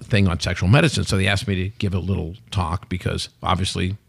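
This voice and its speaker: Fast-talking gravelly man in his sixties. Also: sits low, dry recording. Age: 60s. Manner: animated storyteller, salesman-like, emphatic. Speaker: podcast guest, company CEO. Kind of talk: casual interview chat.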